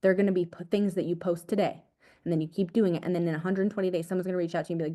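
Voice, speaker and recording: A young woman, an agency owner, gives an energetic, casual motivational talk to her team over a video call, repeating her points and calling them "guys". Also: lowish voice, racing. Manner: energetic, repetitive, casual slang like "dude" and "guys".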